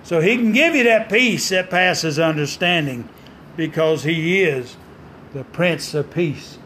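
Male preacher, pitched high, fervent and emphatic, pauses for effect, light background hum. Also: a bit bright. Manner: fervent, call-and-response preaching; dramatic pauses and emphatic quoting of scripture. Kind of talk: sermon.

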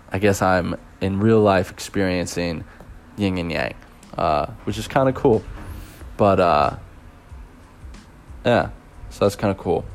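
A young man who teaches abroad, casually telling a rambling story with lots of fillers and chuckles. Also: fairly low pitch.

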